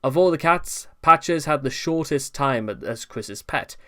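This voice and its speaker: A man with a smooth, resonant voice narrates a commentary video from his notes, often stumbling into restarts. His asides turn exasperated, and his pitch sits in the middle range for a man. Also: lively intonation, measured pace, bright, forceful tone. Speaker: commentary channel host.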